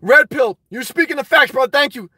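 A man's voice: very high-pitched, moderate pace, sharp tone, husky, no echo. A man hosting a live stream, reading viewer comments and giving emphatic, fired-up advice. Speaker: YouTube live stream host.

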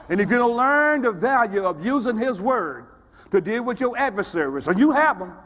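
A pastor preaches a sermon in an unusually high voice that rises and falls in lively swings. He shifts from steady teaching to shouted questions aimed back at the congregation, and the church sanctuary gives the sound a long, ringing reverb.

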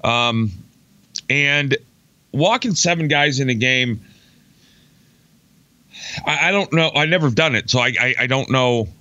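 A man's voice: mid-range voice, measured pace, long pauses, sharp tone, no room sound, lo-fi sound. A man, a former baseball player co-hosting a sports show, talking casually with many ums and repeated words.

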